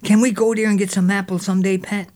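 A man's voice: high voice, flat delivery, fast talker, a little mellow, voice pushed up, lightly acted. A man voicing a curious younger boy, asking eager questions.

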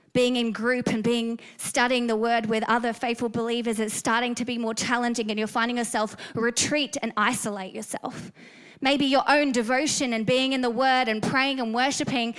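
High-voiced Australian woman preaching. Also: fairly bright tone. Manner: earnest, storytelling, rises to fervent emphasis. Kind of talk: sermon.

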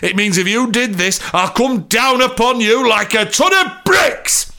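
A man voicing a pompous, blustering male inspector who booms and bursts into shouts. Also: normal speed. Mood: menacing. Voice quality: booming, theatrical, bursts into shouts.

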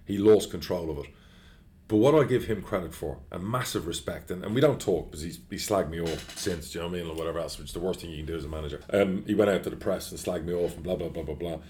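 A middle-aged football club chairman chats casually in an interview, blunt and animated, swearing freely through his stories. His voice is low-pitched and fast, with slight background noise.

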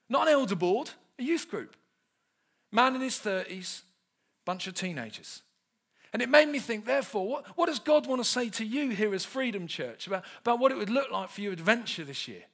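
A man's voice: high voice, lively intonation, brisk, fairly bright tone. A man in his thirties preaching a humorous sermon, telling stories with self-mocking humour.

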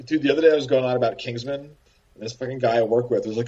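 A man co-hosting a podcast over a video call, telling an animated, profane story in casual chat. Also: medium pitch, fast talker, distant mic, lo-fi sound, a crowd in the background. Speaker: podcast co-host.

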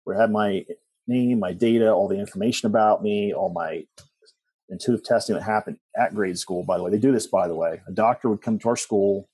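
A man's voice: on the low side, fairly quick, dark tone, husky, dry recording. A middle-aged man telling personal stories as a guest, rambling with restarts and asides. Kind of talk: personal storytelling in conversation.

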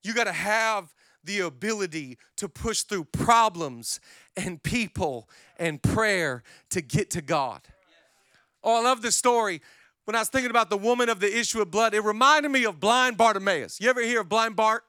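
A male pastor preaching a sermon in an energetic, conversational storytelling manner. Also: sits high, normal speed, no room sound, studio quality.

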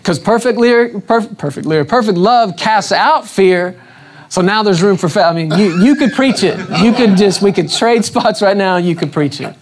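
A man's voice: high voice, expressive, moderate pace. A man preaching a sermon, emphatic and repeating his questions, calling on the congregation to respond.

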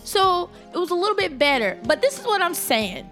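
A woman hosting a podcast, telling a story in a casual, animated, exasperated way with speech. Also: very high voice, a little fast, soft background music. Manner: animated, exasperated retelling with voiced reactions. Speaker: podcast host.

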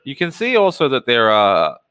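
A male game master narrating a tabletop game, piling up details as he sets each scene. His voice is bright and smooth, recorded close with a dry sound. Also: mid-range voice, huge pitch swings, normal speed, dry recording. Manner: descriptive, fond of lists of details.

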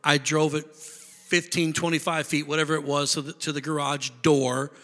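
A man preaching a sermon, telling a story in an animated way, swinging from quiet asides to loud praise. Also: fairly high pitch, moderate pace, in a large hall. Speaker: pastor.

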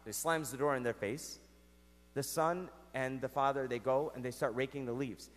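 A male priest preaching a sermon, telling stories in an animated way with wide swings in loudness and pitch. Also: normal speed. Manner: animated storytelling with big swings in pitch and volume. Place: church. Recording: echoey church hall.

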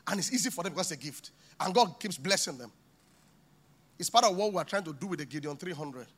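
Animated pastor, high bright voice. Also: male voice, fast, husky. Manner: animated, acts out little scenes with voices, laughs often. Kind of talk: sermon. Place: church.

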